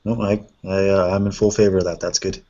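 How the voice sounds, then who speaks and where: A man hosting a casual chat, reviewing painted miniatures in a relaxed way and thinking aloud with fillers. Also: low voice, fairly quick. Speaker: host. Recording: dull lo-fi sound.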